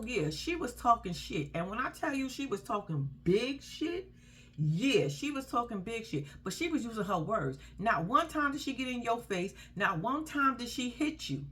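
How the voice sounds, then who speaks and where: A woman's voice: a little high, measured pace. Blunt, laughing woman recapping reality TV. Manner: blunt, profane, laughing, animated storytelling. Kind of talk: casual commentary.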